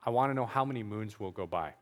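A man's voice: fairly low pitch, fast, big-room sound, natural voice. A man voicing an insistent older male village chief who keeps pressing his question. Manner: demanding, repeating his question.

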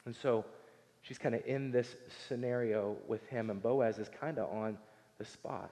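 A man's voice: medium pitch, steady tone, moderate pace, dark tone. A man in his thirties preaching a casual, conversational sermon, acting out voices from the story and talking with his congregation. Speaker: pastor. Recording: long hall reverb.

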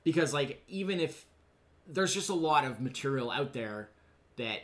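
A man co-hosts a podcast, chatting loosely and filling his sentences with likes and restarts. His voice sits at an ordinary middle pitch, relaxed and unhurried. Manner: rambling, full of likes and fillers. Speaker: podcast co-host. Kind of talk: casual chat.

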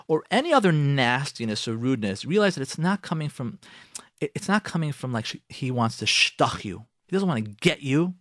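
A man's voice: on the high side, fairly quick, no room sound, studio quality. A man hosting a radio talk show, giving marriage advice in an emphatic, repetitive way. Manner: emphatic and repetitive, animated acted-out quotes.

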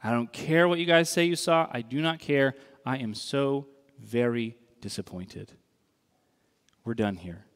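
A man voicing a fed-up, disappointed male disciple who is quitting, in a flat, sullen, quiet way. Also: medium pitch, measured pace, pitched below the performer's own voice, natural voice. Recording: long reverb in a large hall.

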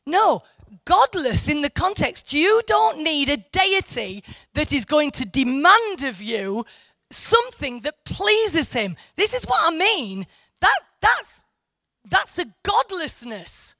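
Woman church teacher, high lively voice, rambly bible talk, dry close sound. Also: takes it slowly, no room sound. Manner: rambling, self-correcting, asides to the listeners.

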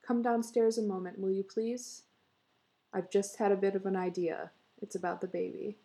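A woman's voice: medium pitch, flat delivery, moderate pace, dark tone, natural voice. A woman voicing an earnest, eager husband who coaxes and insists. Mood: coaxing. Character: earnest husband, eager and fussing, middle-aged.

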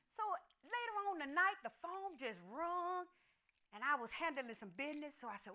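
An older woman preaching, her high voice swooping all over as she builds to fervor. The tone is bright and ringing, emphatic and dialect-rich throughout. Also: expressive, a little fast. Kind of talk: testimony-style sermon storytelling.

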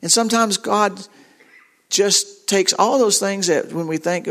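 A middle-aged man preaches a sermon with a slightly high voice. He is earnest and halting, often repeating words as he retells a story. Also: fairly even intonation, fairly bright tone.

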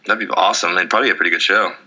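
A man's voice: low-pitched, steady tone, racing, sharp tone, rough recording. A young man co-hosting a casual podcast, joking and ranting with lots of swearing. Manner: rambling, profane, jokey rants. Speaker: podcast co-host. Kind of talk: casual chat.

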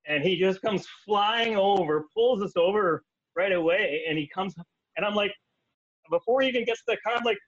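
A man from Canada with a Canadian accent, telling stories in casual chat as a guest, animated, laughing and leaping into high voices for quotes. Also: moderate pace, no room sound, muffled recording. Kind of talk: casual storytelling.

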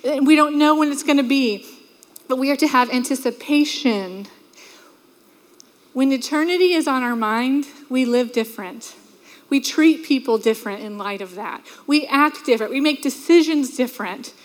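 A woman delivers a sermon from a church stage, telling lively stories and slipping into quoted voices. Her voice sits high, and the sound carries a long reverb from the hall. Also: moderate pace. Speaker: preacher.

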